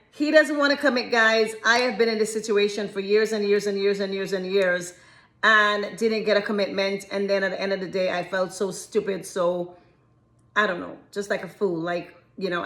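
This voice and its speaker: A woman's voice: mid-range voice, steady tone, normal speed, fairly bright tone. A woman giving relationship advice in a casual chat to camera, frank and chatty, often breaking into giggles as she addresses viewers. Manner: giggly, keeps breaking into laughter.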